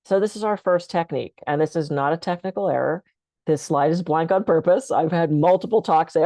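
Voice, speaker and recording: A woman speaker on a video call, calmly and conversationally guiding listeners through breathing techniques for stress. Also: low-pitched, brisk, dry recording. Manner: calm, conversational, gently instructive. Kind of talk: guided breathing talk.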